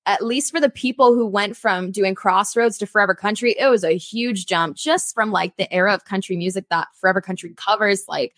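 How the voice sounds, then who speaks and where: A young adult woman, a theme park singer, telling her story in a casual interview with an animated, chatty manner. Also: medium pitch, brisk, hardly any pauses, no echo, clean studio sound.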